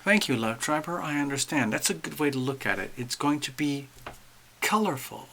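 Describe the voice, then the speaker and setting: Chatty gravelly-voiced man hosting a livestream. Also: fairly high pitch, normal speed. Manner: chatty, animated, addresses viewers directly. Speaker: astrology livestream host. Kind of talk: casual live-stream chat while drawing charts.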